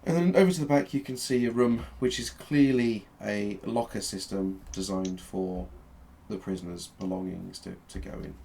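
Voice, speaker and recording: A man narrating as game master of a tabletop game, with halting delivery and plenty of fillers. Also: fairly low pitch, steady tone, creaky, mellow. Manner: halting, with frequent fillers and restarts.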